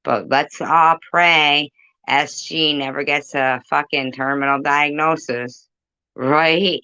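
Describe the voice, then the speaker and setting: A woman's voice: deep voice, steady tone, slow, pushed and bright, clear, resonant tone, dry recording, muffled recording. A woman ranting profanely and confrontationally on a phone livestream, rambling and chatting with her viewers. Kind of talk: livestream rant.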